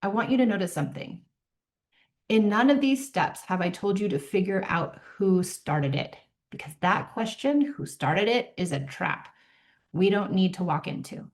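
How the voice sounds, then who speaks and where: A middle-aged woman coaching parents in an earnest way, acting out calm lines for them to say to their children. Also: mid-range voice, normal speed. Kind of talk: parenting advice talk.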